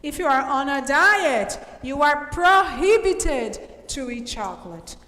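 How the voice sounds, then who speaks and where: A woman English teacher from Brazil reviewing a class quiz, explaining slowly and cheering her students on. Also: sits high, lively intonation, pushed and bright. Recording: echoey room with long reverb.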